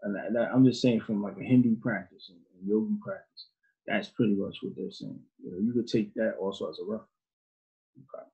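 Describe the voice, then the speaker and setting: A man's voice: on the low side, steady tone, fairly quick, dark tone, husky. A man teaching an informal Sunday school class in a conversational way, asking his students questions, on a dull lo-fi recording.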